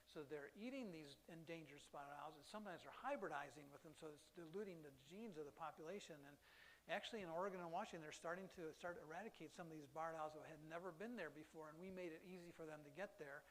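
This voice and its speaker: A man's voice: on the high side, fast talker, fairly bright tone, a little hiss or hum. A man giving a chatty, enthusiastic lecture on birds to a live audience in a hall, often restarting his sentences. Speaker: birding lecturer.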